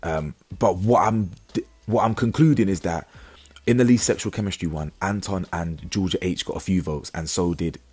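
Male reviewer, low husky voice, blunt heavy recap style. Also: moderate pace. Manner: blunt, animated, slang-heavy, stumbling restarts. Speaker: reality TV reviewer. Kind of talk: casual recap commentary.

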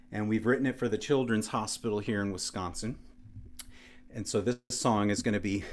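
A man performing for children, introducing his songs in a calm, encouraging, friendly way during a virtual show. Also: lowish voice. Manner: calm, encouraging, speaking to kids. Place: home studio, broadcasting virtually.

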